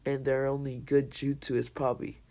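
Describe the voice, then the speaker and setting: A man voicing a cocky, dismissive teenage boy ninja in a fan-made story, speaking slowly and offhandedly. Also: medium pitch, completely flat delivery, warm tone, natural voice.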